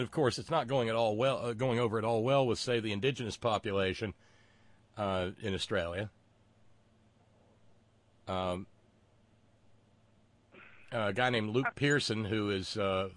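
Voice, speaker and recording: A man hosting a political talk show, with wry, sarcastic asides and many pauses and fillers. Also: lowish voice.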